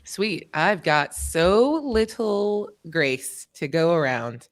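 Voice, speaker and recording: A woman player at a tabletop game, speaking in a fairly low voice. She jokes around and talks through her rolls in a casual, playful way. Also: animated. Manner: playful, joking, quick to laugh.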